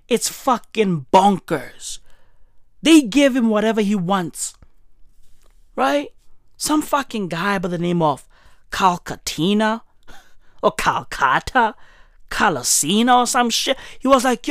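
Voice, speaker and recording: A woman with doing a casual rant commentary, animated, profane and mocking. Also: medium pitch, takes it slowly, no echo, studio quality.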